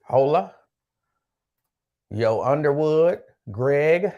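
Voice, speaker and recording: A man's voice: fairly high pitch, lively intonation, extremely slow, mellow, dull audio. Laid-back man hosting a live-stream chat. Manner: laid-back, repeats phrases, chats to viewers by name. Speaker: host.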